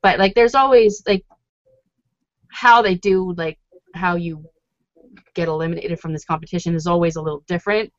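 A woman's voice: on the low side, fairly even intonation, normal speed, long pauses, no room sound. A woman co-hosting a podcast, chatting and gossiping casually with lots of fillers and quoted asides. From Canada. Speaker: podcast co-host. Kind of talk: casual chat. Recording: dull lo-fi recording.

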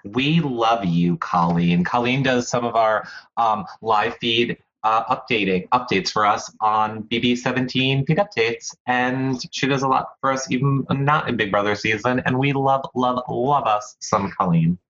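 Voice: medium pitch, measured pace, fairly bright tone, lo-fi sound. A co-host in casual chat who reads viewer comments aloud. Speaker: podcast co-host.

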